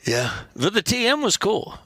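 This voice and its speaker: A man guesting on a podcast, telling animated, profane band stories in casual chat. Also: high voice, normal speed, no room sound. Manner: animated, profane, acts out quotes in loud voices. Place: podcast studio.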